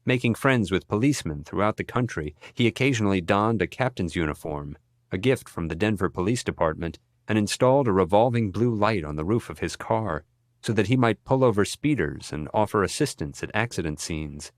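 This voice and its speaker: A man narrating an audiobook in an even, measured reading style. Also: lowish voice, no echo, studio quality. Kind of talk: scripted narration.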